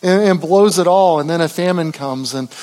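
A man preaching a sermon, telling a story in a conversational way with many fillers and restarts, dropping low and quiet for tender moments and rising for quoted speech. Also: moderate pace. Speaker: pastor.

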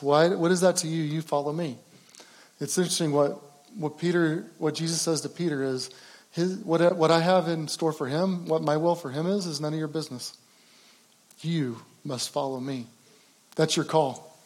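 Male pastor, slightly high voice, earnest conversational sermon delivery. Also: darkish tone, rough recording. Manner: conversational, earnest preaching with rhetorical questions.

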